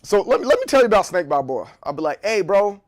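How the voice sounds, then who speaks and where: A man's voice: fairly high pitch, wildly swooping pitch, fast. A man streaming live in casual chat, rambling and joking, often repeating words. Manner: joking, playful.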